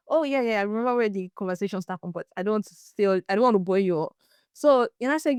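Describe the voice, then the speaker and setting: A young woman from Nigeria with a Nigerian accent, hosting a podcast and telling a story in casual, animated chat. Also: medium pitch, quick pace, clear, resonant tone, no room sound. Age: young adult. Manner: animated, laughs and restarts often. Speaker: podcast host.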